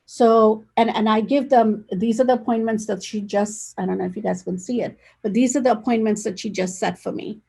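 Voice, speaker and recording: A woman's voice: fairly high pitch, steady tone, fairly quick, creaky, few pauses, dark tone, breathy edge. A woman speaking energetically and directly as an interview guest, talking over a video call. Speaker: real estate agent, guest. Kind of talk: casual conversational interview.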